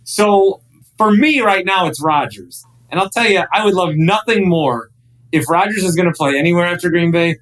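A man in his thirties, a radio host guesting on a podcast, chatting casually and telling animated, rambling stories full of restarts. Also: high-pitched, moderate pace, rough recording.

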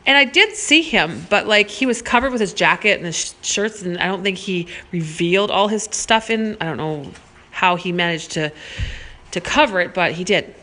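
A woman tells a personal anecdote in a loose, animated way. Her voice is bright and forward, and she peppers her talk with "like" and the odd curse word. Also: on the low side, moderate pace. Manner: animated, swears freely, heavy use of "like". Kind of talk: casual anecdote telling.

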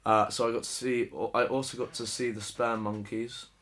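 A man's voice: medium pitch, flat delivery, moderate pace, fairly bright tone. A young man from England co-hosting a casual podcast, laid-back and self-mocking, laughing often as he talks sport and music. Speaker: podcast co-host, sports correspondent. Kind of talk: casual chat.

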